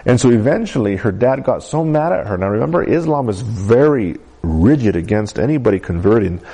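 A man's voice: lowish voice, creaky, mellow. A middle-aged man teaching a Bible class, telling a story in a conversational way with asides and fillers.

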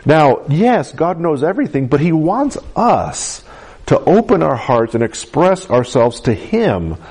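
A man's voice: mid-range voice, darkish tone. A middle-aged man preaching a sermon in a conversational, storytelling way, with frequent fillers. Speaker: pastor.

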